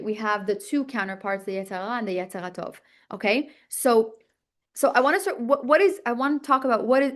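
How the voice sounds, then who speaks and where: Teaching a class on a religious text, a woman with a slightly high voice explains in a bright, chatty way, rushing through restarts and checking in with "okay?" and "right?" She acts out inner voices to make her points.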